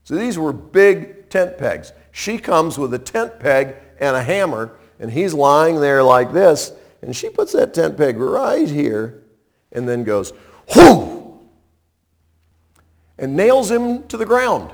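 Male preacher, storytelling sermon, lively and unhurried, slightly higher voice. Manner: animated, conversational, dramatic shifts in loudness.

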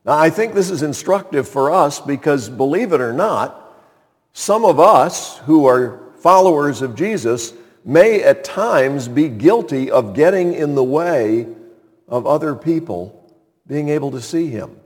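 A man's voice: a little high, expressive, a little slow, long reverb tail. A man preaching a sermon as a pastor, earnest and building in force on key points.

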